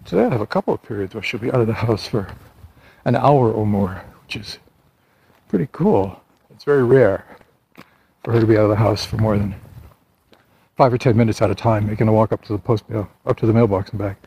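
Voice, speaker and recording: A man's voice: lowish voice, brisk, long pauses, dark tone. A man chatting casually to the camera while out on a walk, rambling and poking fun at himself. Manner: rambling, chatty, self-deprecating. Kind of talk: casual walking vlog monologue. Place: outdoors on a walk through a neighborhood. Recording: clear outdoor background noise.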